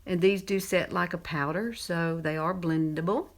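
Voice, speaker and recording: A woman's voice: fairly low pitch, fairly even intonation, normal speed. A woman in her fifties with a Southern American accent, chatting casually through a makeup tutorial and laughing often as she works. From Southern United States. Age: 50s. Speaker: makeup presenter.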